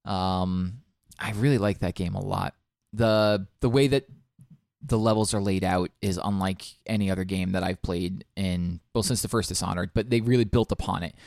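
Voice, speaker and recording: This young podcast co-host rambles through a casual video game chat, full of ums and false starts. He speaks at a moderate pace in a low, gravelly, darkish voice, captured dry in studio quality.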